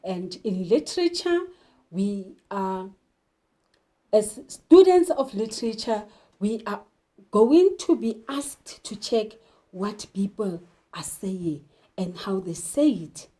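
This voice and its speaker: A woman teacher explaining poetry and literature terms, slowly asking questions and answering them herself. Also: medium pitch, sing-song, warm tone. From South Africa. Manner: slow, deliberate, poses questions then answers them. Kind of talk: literature lesson.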